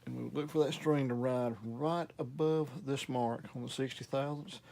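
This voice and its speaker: A Southern US man who hosts a guitar repair channel walks through a guitar setup in a casual demo, easygoing, folksy and self-deprecating. His mid-range voice is gravelly and dark-toned, held steady at a moderate pace.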